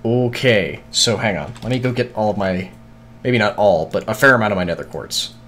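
A man's voice: fairly low pitch, expressive, moderate pace, a bit bright, a little hiss or hum. Man muttering through a casual game stream. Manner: mutters to himself, swears casually, scattered. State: hiccuping. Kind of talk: casual live-stream gameplay chatter.

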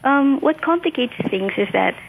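A woman calling into a show by phone, speaking hesitantly with many pauses and fillers. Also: high-pitched, lively intonation, creaky, phone-quality sound, background noise. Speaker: caller. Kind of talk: call-in phone conversation.

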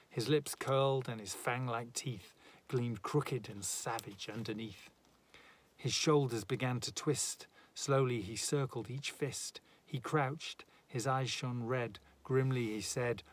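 A man reading a narrative poem aloud in a measured, dramatic way. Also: mid-range voice, fairly even intonation. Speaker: reader.

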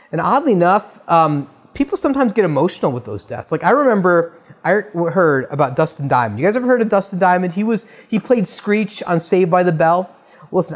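A man, a pastor giving a conversational, earnest sermon and often calling his listeners "guys". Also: sits high.

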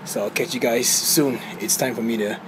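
A man's voice: mid-range voice, fairly even intonation, moderate pace. A young man chatting casually in a vlog, full of fillers and restarts as he talks into a handheld camera. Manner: rambling, with many fillers and restarts. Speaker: vlogger, dancer. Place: hotel room, then a cold street at night. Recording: camera audio with clear background noise.

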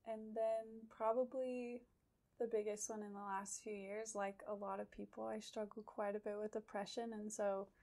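A young woman from Idaho, a psychology graduate student, answering interview questions thoughtfully, with frequent pauses and ums. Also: mid-range voice, level tone, a little mellow. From Idaho, USA. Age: young adult. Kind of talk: conversational interview.

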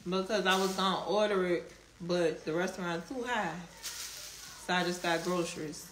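Chatting with her live stream audience, this woman answers comments and laughs a lot, talking at a moderate pace in a fairly low voice. She has a strong Southern drawl and uses relaxed slang. She's on a phone microphone in an echoey room with a faint hum behind her.

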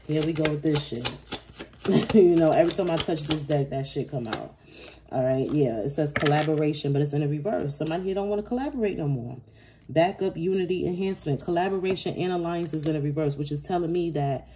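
Woman tarot reader, low voice, blunt cursing, casual reading, noisy card shuffling behind. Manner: profane, blunt and laughing.

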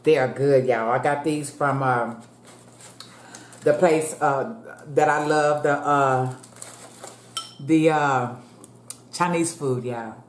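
Her voice is very deep, her pace slow, with long pauses and a little hiss or hum in the audio. This food vlogger in her fifties eats while talking casually to her viewers, addressing them as "y'all" and praying out loud, recorded in an echoey room.

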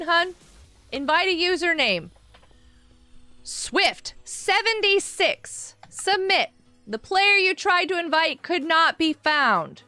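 A woman's voice: extremely high pitch, pushed and bright, no room sound. A woman streaming a game, chatting casually with her viewers, answering chat aloud and laughing often.

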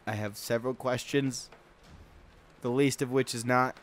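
A man's voice: mid-range voice, fairly even intonation, normal speed, a little hiss or hum. A man acting in a comedy skit, joking and reacting in an exaggerated way. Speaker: sketch comedian.

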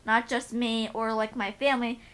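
A woman's voice: on the high side, level tone, normal speed, fairly bright tone, clean tone. A young woman vlogging casually, rambling with lots of "like" and "um". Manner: rambling, many "like" and "um" fillers; gushing baby talk to pets. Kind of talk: casual vlog chat.

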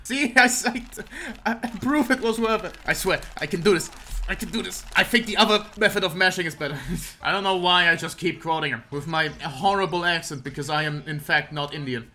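A young gaming commentator delivers casual let's-play narration in a fairly high voice. He's excitable and pokes fun at himself, swearing a lot and often bursting into laughter.

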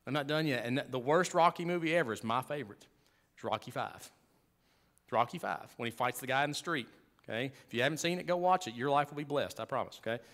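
A man preaching a sermon as pastor, emphatic and conversational, swinging from loud to hushed with humorous asides. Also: medium pitch, lively intonation, fast talker.

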